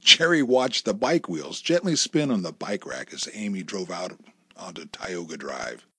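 A man narrating a story in a steady, descriptive way. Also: deep voice, unhurried, breathy edge, dry recording, clean studio sound.

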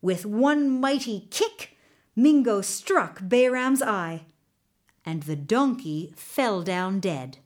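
Woman storyteller reading a folk tale aloud, lively in pitch and slow-paced. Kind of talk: storybook narration.

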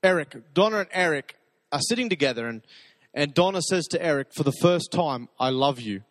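A pastor preaches by telling stories conversationally, then slips into soft, intimate repetitions. His voice is a little high, with lively intonation and a brisk pace, and there's no echo.

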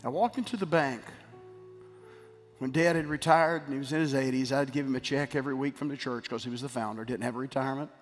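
A middle-aged man preaching a sermon as pastor, emphatic, swinging from loud declarations to quiet storytelling. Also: medium pitch, fast. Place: church sanctuary. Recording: long hall reverb with faint music.

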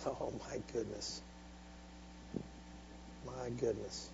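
A man preaching a sermon with call-and-response, swinging from soft, intimate asides to loud, driving exhortation. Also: medium pitch, steady tone, extremely slow, vocal fry. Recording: dull lo-fi recording with faint hum.

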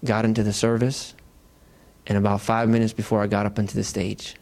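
A male pastor preaching a sermon in a lively, conversational storytelling manner in church. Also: on the low side, fairly quick, creaky.

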